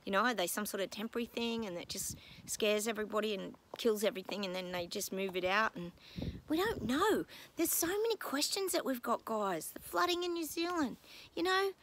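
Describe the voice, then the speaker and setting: A woman's voice: fairly high pitch, expressive, fairly quick, fairly bright tone, slight background noise, low-quality recording. A woman psychic talking in a casual vlog from home, rambling and exasperated, breaking off with apologetic asides. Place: at home with her dogs.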